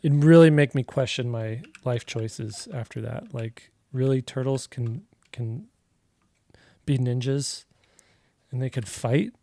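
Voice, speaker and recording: A man chats loosely while he draws on a livestream, wandering through a story with plenty of "like" and "you know". His voice is mellow and dark, and it sounds dry and close, with no room around it. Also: mid-range voice, slow, no room sound. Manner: rambling, storytelling with many fillers. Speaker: artist livestream host. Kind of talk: casual livestream chat while drawing.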